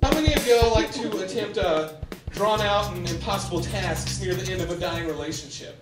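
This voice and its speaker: A young man doing stand-up comedy, telling animated stories with sudden shouted bits on a theater stage. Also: sits high, normal speed, loud music behind the voice. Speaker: stand-up comic. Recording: echoey theater from a distance.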